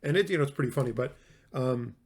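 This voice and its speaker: A man's voice: mid-range voice, quick pace, a little mellow. A man giving a recorded classroom lecture on logic, talking in a conversational way, stressing words for emphasis and often restarting his sentences.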